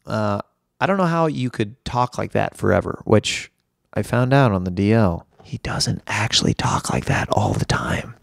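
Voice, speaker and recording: Hoarse, rambling comedy podcast host. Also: male voice, on the low side, expressive, moderate pace, no room sound, studio quality. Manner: rambling, jokey and self-deprecating. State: hoarse with laryngitis.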